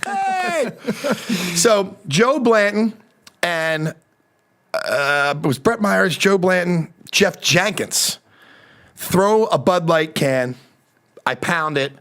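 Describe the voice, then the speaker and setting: Animated, cursing male storyteller. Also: sits high, drawn-out words, pauses often. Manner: animated, swears freely, acts out quoted people. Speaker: podcast storyteller. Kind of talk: casual comedic storytelling.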